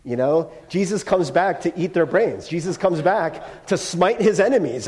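A man's voice: sits high, expressive, unhurried, darkish tone. A male pastor preaching a sermon in a casual, storytelling way, with humor. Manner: conversational storytelling with humor and acted quotes.

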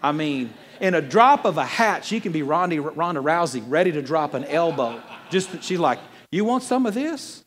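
A male pastor preaching a sermon in a church in an animated, conversational way with playful asides. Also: on the high side, normal speed, in a large hall.

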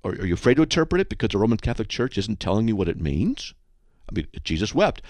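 A man's voice: lowish voice, fast, dry recording. A man hosting a radio talk show about studying the Bible, talking emphatically and acting out conversations. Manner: animated, emphatic, acts out dialogues. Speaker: radio host.

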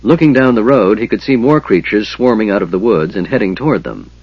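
A man narrating a fantasy audiobook in a steady, measured storytelling manner. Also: on the low side, slightly rough, no room sound, muffled recording.

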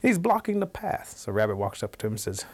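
A man telling a traditional animal folktale aloud, in a relaxed, animated, conversational way. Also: on the low side, quick pace. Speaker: storyteller.

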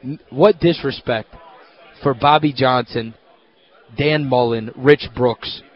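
A man hosting a sports radio show, telling stories in an animated, casual way. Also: mid-range voice, takes it slowly, muffled recording. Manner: animated storyteller, excitable. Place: hotel at a media event.

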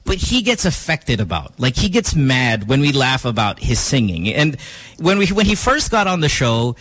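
A man's voice: measured pace, poor audio. A man, hosting a radio show and telling a story in casual chat. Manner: animated storytelling, quoting others with rising pitch.

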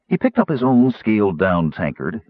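A man narrating a fantasy audiobook in a lively, expressive reading. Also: on the low side, moderate pace, no room sound. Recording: tinny phone-like audiobook recording.

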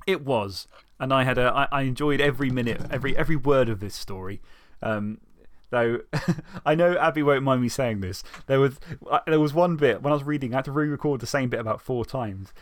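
A man's voice: mid-range voice, a little fast. A man hosting a podcast, chatting casually about stories and reading fiction aloud with light, self-deprecating humor. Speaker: podcast host and story reader. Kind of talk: casual chat and story narration.

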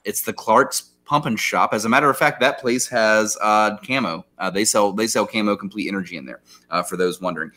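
A man's voice: lowish voice, brisk, sharp tone. A young adult man co-hosting a podcast, telling a story in a heated, profane rant full of fillers. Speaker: podcast co-host. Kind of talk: casual storytelling chat.

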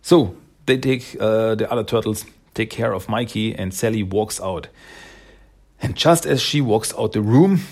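Low, husky man rambling through a recap. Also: a little mellow. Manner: rambling, with fillers and frequent chuckles. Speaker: storyteller recapping a cartoon episode. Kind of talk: casual spoken recap.

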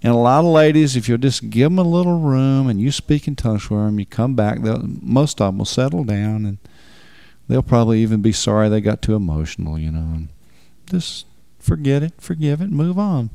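Gravelly-voiced man preaching folksy marriage advice. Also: medium pitch, expressive, a little fast, mellow, no room sound. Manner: folksy, emphatic, repeats words for stress. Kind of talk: sermon.

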